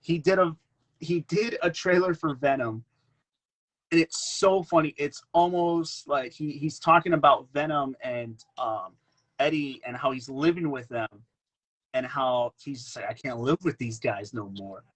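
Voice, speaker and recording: A man's voice: on the high side, unhurried, low-quality recording. A man chatting casually as a podcast guest, telling stories animatedly and repeating himself. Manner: animated storyteller, repeats himself, acts out quotes. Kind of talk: casual chat.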